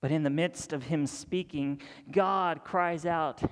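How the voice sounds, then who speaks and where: High-voiced young preacher in a hall. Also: male voice, slow, few pauses, clean tone. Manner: dramatic storytelling, dropping to near-whispers and rising to excited high voices. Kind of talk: sermon. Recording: long hall reverb.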